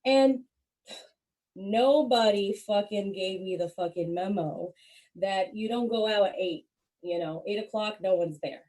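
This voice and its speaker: A young woman doing stand-up, telling a profane story in a brash, animated way, swearing constantly. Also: mid-range voice, measured pace. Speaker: stand-up comedian.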